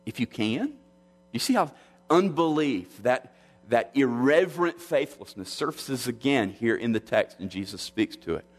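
A man preaching in a church sanctuary, his voice trailing off into a long echoing reverb. He speaks in a measured, earnest way at a middling pitch, circling back and restarting phrases as he works through the text. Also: expressive. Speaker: pastor. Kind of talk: expository sermon.

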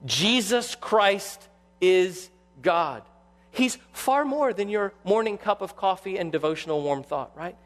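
A male pastor preaching a sermon with animated delivery, acting out quoted voices. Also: sits high, a little slow, in a large hall, faint music behind.

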